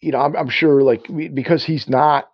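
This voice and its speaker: A podcast co-host in a casual film discussion rambles, restarts his sentences and acts out bits of dialogue. His voice is fairly high, steady, slightly rough and moderately paced, recorded without echo but with the highs cut off.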